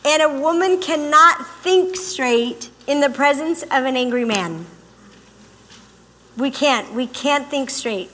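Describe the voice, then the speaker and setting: A woman giving a humorous talk on relationships to a live audience, emphatic and animated. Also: sits high, slow pace. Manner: animated and emphatic, acting out quotes. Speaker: relationship speaker. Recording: long hall reverb.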